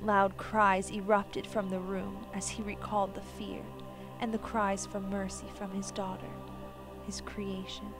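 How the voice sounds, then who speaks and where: A woman narrates a sad story in a hushed, sorrowful voice that often sinks into a whisper. Her tone is gravelly and stays flat in pitch. Music plays clearly beneath her. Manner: slow, hushed, sorrowful delivery. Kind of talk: dramatic story reading. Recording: music playing behind.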